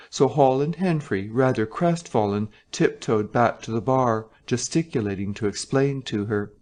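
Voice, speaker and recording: Guy reading a story slow and clear for english learners, measured. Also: medium pitch, a little mellow. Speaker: narrator.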